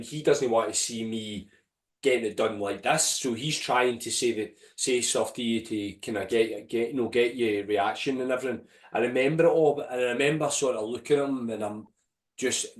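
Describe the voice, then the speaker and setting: A man tells his story as a podcast guest, swearing freely and acting out what went through his head. His voice sits at an ordinary middle pitch. He is caught a bit away from the mic, with the room echoing around him. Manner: vivid, swearing, retelling his inner voice. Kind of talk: storytelling in an interview. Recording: roomy and distant from the mic.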